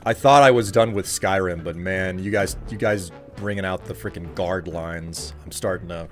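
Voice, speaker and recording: A man from the United States with a fairly low voice, chatting casually on a live stream. He rambles and rants in loose, run-on sentences while answering his viewers. Faint game music plays behind him. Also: normal speed. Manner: rambling, ranting, talks back to chat.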